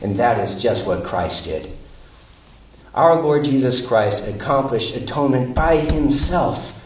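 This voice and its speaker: A man's voice: mid-range voice, a little slow. A man preaching an expository sermon, reading scripture aloud and building to emphatic peaks. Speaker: pastor. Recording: roomy sound, mic at a distance.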